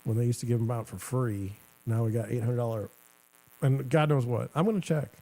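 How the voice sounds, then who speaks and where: A man's voice: mid-range voice, steady tone, moderate pace, mellow. A middle-aged man hosting a talk show, rambling and sarcastic in casual commentary, often cutting himself off mid-sentence. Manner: rambling, sarcastic, self-interrupting. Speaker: show host.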